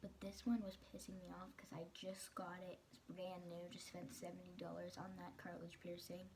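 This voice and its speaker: A woman's voice: lowish voice, monotone, moderate pace, a little mellow, a little hiss or hum. A teenage girl vlogging, telling a personal story in a casual, chatty way, full of "like" and quoting the people in it.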